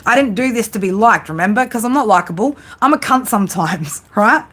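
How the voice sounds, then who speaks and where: A woman's voice: medium pitch, lively intonation, fairly quick, fairly bright tone. A woman, ranting bluntly and swearing heavily as a tarot livestream host. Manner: blunt, heavy swearing, heated and defiant. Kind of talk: live-stream rant to viewers.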